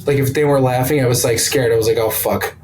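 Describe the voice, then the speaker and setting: A man's voice: medium pitch, fairly even intonation, rapid-fire, darkish tone, a little hiss or hum, rough recording. A man who is a stand-up comedian, chatting casually as a podcast guest and telling loose, rambling stories with blunt profanity.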